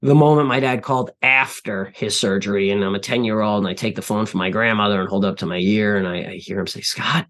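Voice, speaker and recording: A man's voice: fairly low pitch, fairly even intonation, a bit bright. Earnest man telling life lessons. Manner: earnest, reflective, pauses and restarts. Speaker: podcast guest, CEO and author. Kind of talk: interview storytelling.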